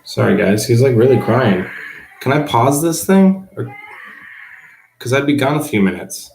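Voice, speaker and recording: A man's voice: medium pitch, expressive, a little slow, creaky, darkish tone, slight background noise. A male teacher on a casual livestream at home, reading viewer comments aloud and answering them offhandedly. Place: at home, below the baby's room. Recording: roomy echo.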